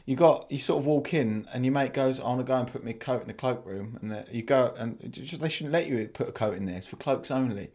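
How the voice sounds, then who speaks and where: A man's voice: mid-range voice, fast, hardly any pauses, darkish tone. A man co-hosting a casual podcast with a mid-range voice. He needles his friend and drops joke bits into the talk. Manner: teasing, jokey interjections. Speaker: podcast co-host. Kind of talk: casual chat, banter.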